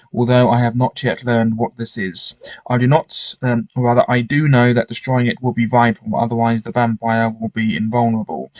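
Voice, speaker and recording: A man's voice: mid-range voice, a little mellow, no echo. A man reading a gamebook aloud with commentary, often stumbling and restarting his sentences. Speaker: gamebook player.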